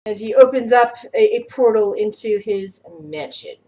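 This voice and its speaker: A young woman running a tabletop game, her fairly high voice stumbling over repeated words as she describes each scene. She narrates in a loose, unscripted way. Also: fairly even intonation, moderate pace, warm tone. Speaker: game master.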